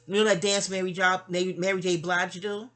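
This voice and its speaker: Her voice is lowish and a bit bright, with a level tone and a slightly fast pace. She's a vlogger from New York City, chatting sleepily through a long, rambling personal story full of restarts and asides in a casual monologue.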